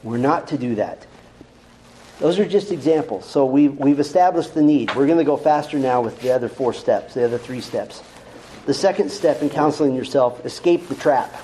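A man's voice: mid-range voice, moderate pace, mellow, a little hiss or hum, poor audio. A male pastor preaching a sermon in a direct, conversational way, full of rhetorical questions to the congregation.

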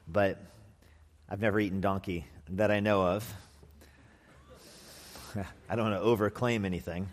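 A man preaching an expository sermon as pastor in a conversational manner with wry asides, sometimes acting out quoted voices. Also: fairly low pitch. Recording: long hall reverb.

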